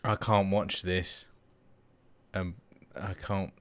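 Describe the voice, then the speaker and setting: A man's voice: deep voice, little pitch movement, takes it slowly. A man in his thirties co-hosting a podcast, rambling casually with plenty of swearing and laughs. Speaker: podcast co-host. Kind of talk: casual chat.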